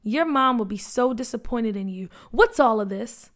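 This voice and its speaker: A woman voicing a stern older male church deacon who lectures slowly. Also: a little high, animated, close to an everyday voice. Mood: stern lecturing.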